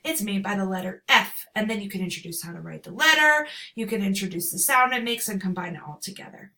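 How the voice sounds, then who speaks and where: A woman's voice: mid-range voice, lively intonation, fast, bright, forceful tone. A woman in her thirties giving an upbeat lesson to parents, acting out letter sounds with exaggerated emphasis. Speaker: teacher. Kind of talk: instructional talk to parents.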